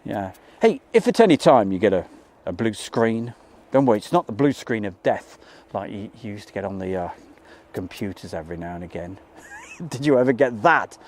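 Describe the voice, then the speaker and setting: A man's voice: lowish voice, expressive, normal speed, slight background noise. Chatty man hosting a live stream. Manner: chatty, reads out viewer names and greets them warmly. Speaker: livestream host. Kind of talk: casual live-stream commentary. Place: outdoors by an airport.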